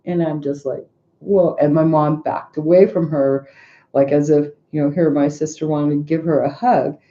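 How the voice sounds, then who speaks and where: Dark-voiced middle-aged woman rambling. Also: sits low, fairly even intonation, moderate pace, lo-fi sound. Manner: rambling, frequent restarts and asides. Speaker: tarot reader. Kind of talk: casual personal storytelling.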